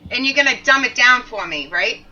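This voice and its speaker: A woman's voice: fairly high pitch, animated, a little fast, sharp tone. A woman guest-hosting a podcast, chatting in an upbeat way. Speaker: podcast guest host, network co-owner. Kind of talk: casual podcast chat. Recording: dull lo-fi remote audio.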